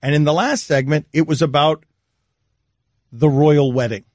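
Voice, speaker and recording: A man hosting a sports radio talk show, telling stories quickly and animatedly, laughing as he goes. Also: on the high side, no room sound. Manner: fast, animated storytelling with laughter. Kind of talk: casual sports radio banter. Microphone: studio microphone.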